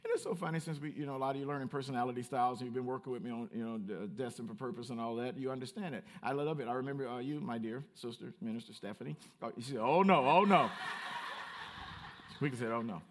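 A man pastor preaching a sermon, animated and playful, calling out to members of the congregation. He has a Southern Black way of speaking. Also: mid-range voice, rapid-fire, few pauses. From United States.

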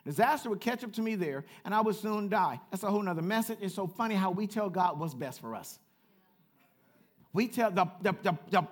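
A man preaching a sermon as pastor, swinging from quiet asides to loud repeated calls and chatting with the congregation. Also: high-pitched, animated, fairly quick. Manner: chatty with the congregation, laughs at himself. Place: church.

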